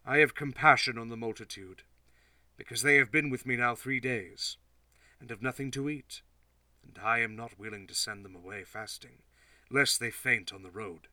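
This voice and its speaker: A man voicing a solemn male teacher who speaks in a quiet, low, measured way. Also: dry recording. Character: calm, solemn male teacher rebuking critics.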